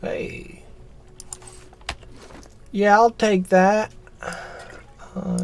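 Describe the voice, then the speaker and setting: A woman's voice: lowish voice, lively intonation, extremely slow, creaky, pauses often, a little mellow. A woman streaming a game, reading its text aloud and muttering to herself, swearing casually.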